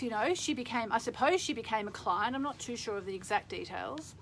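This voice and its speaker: A woman's voice: a little high, moderate pace, hardly any pauses, a little hiss or hum, low-quality recording. A middle-aged woman hosting a casual live stream, chatting in a rambling way and reading out viewer comments.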